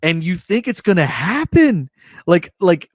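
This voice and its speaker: Animated male podcast co-host. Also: high voice, a little slow, dry recording, studio quality. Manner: animated storyteller, acts out scenes. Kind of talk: casual movie discussion.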